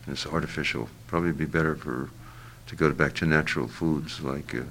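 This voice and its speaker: An older man with an extremely low, gravelly voice talks slowly through his thoughts, pausing often with fillers and restarting phrases. There is a faint noise under the recording. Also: steady tone, a bit bright. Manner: halting, searching for words, many fillers and restarts. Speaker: interviewee. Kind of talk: reflective interview answer.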